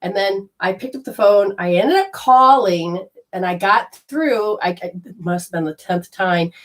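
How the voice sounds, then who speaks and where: A woman telling a personal story in a casual, animated way, swearing freely and acting out her own panic. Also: mid-range voice, unhurried.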